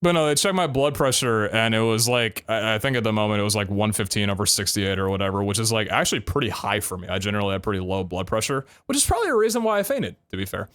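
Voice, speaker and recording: A man's voice: fairly low pitch, expressive, quick pace, few pauses, a bit bright, smooth. A young adult man streaming live, telling a story casually, full of laughs and casual swearing.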